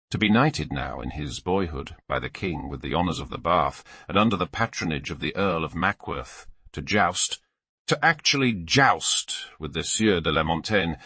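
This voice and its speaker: A male audiobook narrator telling a classic tale in a steady reading voice. His pitch sits low, his tone is bright and forward, and the recording is close and dry. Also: dry recording. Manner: steady storytelling read with voiced characters.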